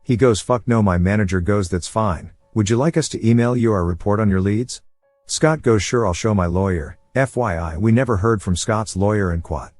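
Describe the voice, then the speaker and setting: A man narrating a reddit revenge post as scripted narration, steady and flat, reading out the quote marks. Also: lowish voice, moderate pace, no echo.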